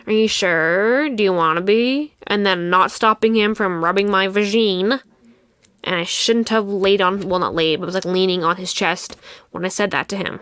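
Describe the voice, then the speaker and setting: A young woman hosts her own podcast, venting about a personal drama in a casual, heated monologue full of swearing. Her voice sits at an ordinary pitch and is recorded close and dry, with almost no room sound. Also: steady tone, moderate pace, a bit bright, clean tone, no echo. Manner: heated, profane, indignant retelling. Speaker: podcast host.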